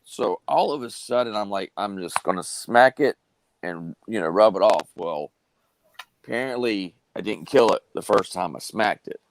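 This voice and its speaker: Low-voiced man telling a rambling story. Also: lively intonation, moderate pace, a little hiss or hum, poor audio. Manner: drawling, rambling with many fillers and restarts. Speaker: live stream host. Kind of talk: casual storytelling on a live stream.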